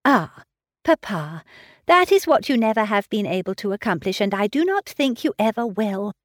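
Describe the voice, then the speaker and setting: A woman reading the part of a clever, self-assured young lady who brisk-ly reassures her father. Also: mid-range voice, big pitch swings, dry recording, clean studio sound. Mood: reassuring. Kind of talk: audiobook reading of a classic novel.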